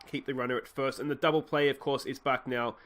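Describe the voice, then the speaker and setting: A young Australian man giving rambling commentary on his baseball game, getting excited on big plays. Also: mid-range voice, fast. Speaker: let's play host.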